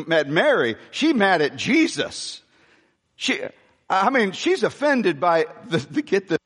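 A pastor preaching a sermon, animated and repeating his phrases, asking the congregation questions as he goes. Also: high-pitched. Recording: reverberant church hall.

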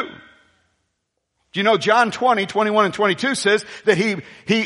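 High-voiced male pastor in a reverberant hall. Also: fairly bright tone. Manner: rambling, storytelling asides, call-and-response with the congregation. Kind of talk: sermon.

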